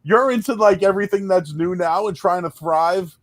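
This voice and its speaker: A man hosting a laid-back podcast, talking in a loose, rambling way with many false starts. His voice sits high for a man, and the sound is dry and close. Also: dry recording. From Boston area. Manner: rambling, fast, full of restarts and "dude", "man". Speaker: podcast host. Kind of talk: casual chat.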